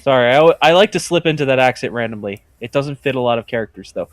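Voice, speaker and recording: Game master, easygoing chatty narration, mid-pitched man, dry close sound. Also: quick pace, dry recording. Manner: relaxed, chatty narration full of fillers.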